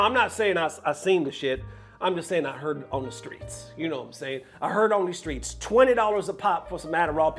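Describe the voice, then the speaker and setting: A man's voice: sits high, fairly bright tone. A man hosting an esports news vlog, ranting in casual, profane commentary and cracking jokes as he goes.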